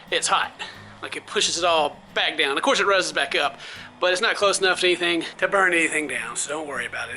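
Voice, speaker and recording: A young man from the southern United States chatting and explaining in a relaxed way on an outdoor porch at night, sometimes dropping to quiet asides. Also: on the high side, low-quality recording. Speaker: vlogger. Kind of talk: casual vlog chat.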